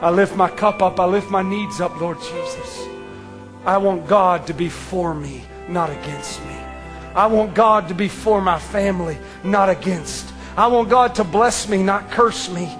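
A man preaches an impassioned sermon in a high, unhurried voice, swinging from ringing declarations to hushed near-whispers and repeating phrases for emphasis. Faint music plays in the background.

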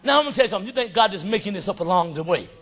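A male preacher delivering a fiery shouted sermon, calling for amens and acting out voices. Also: sits high, expressive, very fast.

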